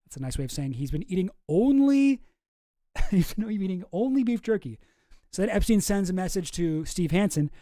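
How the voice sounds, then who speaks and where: A man's voice: high voice, big pitch swings, normal speed, dark tone, no room sound, clean studio sound. A man hosting a casual commentary show, reading emails aloud with chuckling asides. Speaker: host.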